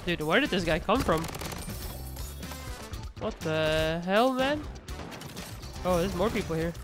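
A woman hosting a gaming channel, giving excitable, exclamatory commentary straight to her viewers over gameplay. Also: fairly low pitch, slow pace, over music.

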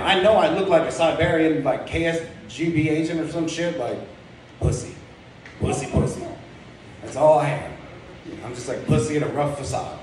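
A young man on a comedy club stage, talking in a rambling, crude, self-mocking way with a slightly higher voice than most men. The sound bounces heavily around the room and is picked up from a distance, with faint ambience underneath. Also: a little hiss or hum. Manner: rambling, filler-heavy, crude and self-deprecating. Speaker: stand-up comedian. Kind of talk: stand-up comedy set. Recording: very echoey club room heard from far off.

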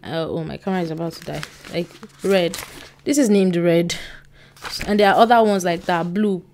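A young woman, chatting casually to camera at home, rambling with excited bursts and quiet trailing asides. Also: fairly low pitch, moderate pace, slight background noise. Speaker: book vlogger. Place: indoors at home by a bookshelf. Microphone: on-camera mic.

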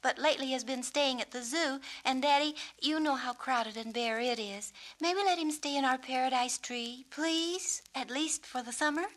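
An excited little girl pipes up in a high, bright storybook voice, bubbly and full of pleading eagerness, as a woman reading the tale puts her on. She sounds imaginative and quick to plead. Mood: eager.

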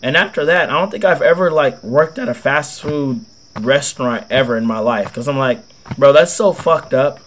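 A man's voice: mid-range voice, normal speed, a bit bright, slight background noise. A young man with a cold, telling a rambling, slangy, swear-filled story in casual gameplay commentary. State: has a cold. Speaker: gaming video host.

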